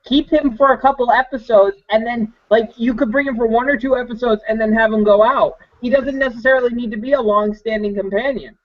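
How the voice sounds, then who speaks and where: A man's voice: extremely high pitch, fairly even intonation, a little fast, hardly any pauses, dry recording. A man co-hosting a casual fan podcast, eager and rambling as he tosses out ideas. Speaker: podcast co-host. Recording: muffled lo-fi podcast audio.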